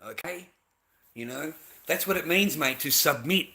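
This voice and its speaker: A man's voice: a little high, animated, moderate pace, vocal fry, pushed and bright. An Australian man delivering a heated, profane ranting monologue, repeating himself and tossing in "mate" between sentences.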